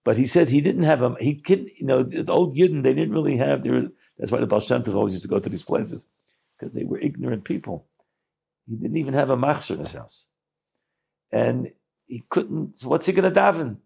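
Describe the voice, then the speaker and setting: Gravelly rabbi telling a story. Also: male voice, mid-range voice, fairly quick, pauses often. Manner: Yiddish-laced English, animated storytelling with restarts. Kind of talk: storytelling talk.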